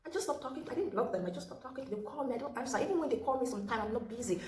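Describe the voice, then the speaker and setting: A woman's voice: on the high side, lively intonation, racing, darkish tone, a little hiss or hum. Earnest woman vlogger in an echoey room. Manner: earnest, advice-giving, repeats key phrases. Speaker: vlogger telling a personal story. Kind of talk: casual storytime monologue. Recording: roomy echo with faint ambience.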